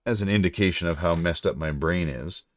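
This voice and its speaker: Very deep-voiced Canadian man. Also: brisk. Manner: rambling, chatty, drifts into French. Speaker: livestreamer and voice-over narrator. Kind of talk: casual live-stream chat.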